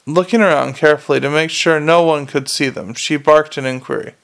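A man's voice: on the high side, a little fast, vocal fry, a bit bright. A man narrating a novel aloud in a plain, unpolished reading with frequent restarts. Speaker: audiobook reader.

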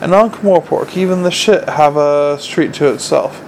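A man voicing a slow, literal-minded male troll watchman who speaks in blunt broken grammar. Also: a little high, darkish tone, slight background noise, natural voice, poor audio. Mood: plodding.

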